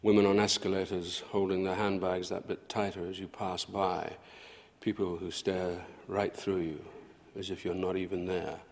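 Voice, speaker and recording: An actor playing a senior male consultant who speaks in a measured, lecturing way. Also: deep voice, level tone. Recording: roomy reverb.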